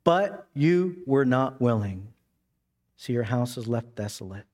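A male pastor delivers an animated sermon at an unhurried pace, his voice rising high during the stories and softening for emphasis. He then leads a prayer.

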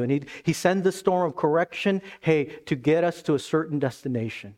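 A man preaching a sermon as pastor, emphatic, then dropping to hushed tones. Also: fairly high pitch, moderate pace.

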